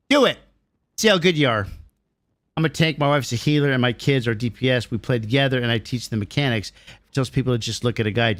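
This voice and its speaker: A man's voice: mid-range voice, fairly bright tone, no echo, studio quality. Riled-up, swearing middle-aged man streamer. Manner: blunt, profane, riled-up ranting. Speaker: game streamer. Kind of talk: live stream chat answering viewers.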